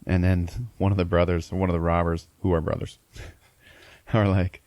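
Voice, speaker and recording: A man's voice: low voice, level tone, normal speed, a little mellow, no room sound. A man hosting a podcast, casually retelling a movie plot in a rambling, profane way with lots of filler. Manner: rambling, profane, laughing storyteller. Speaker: podcast host.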